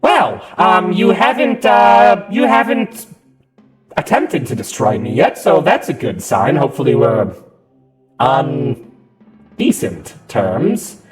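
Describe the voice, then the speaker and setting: A man's voice: medium pitch, big pitch swings, takes it slowly, music in the background. A man voicing an awkward, chatty undead male wizard who rambles and apologizes sheepishly. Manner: rambling, sheepish, nervous laughs.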